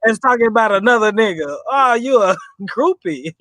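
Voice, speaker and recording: Brief: high, lively man bantering, dry close sound, laughs a lot. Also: normal speed, no echo. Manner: laughing, crude teasing. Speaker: podcast co-host. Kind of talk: casual banter.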